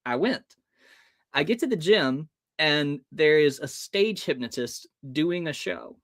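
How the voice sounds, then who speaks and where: Lively storytelling man. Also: on the high side, a little slow, no echo, clean studio sound. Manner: lively, acts out the voices in his stories. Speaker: guest, hypnotist and storyteller. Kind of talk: animated storytelling in an interview.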